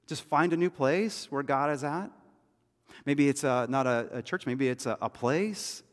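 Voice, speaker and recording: A man preaching a sermon as pastor, talking in a conversational way and often dropping to a hushed, intense tone. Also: medium pitch, a little slow. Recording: church hall reverb.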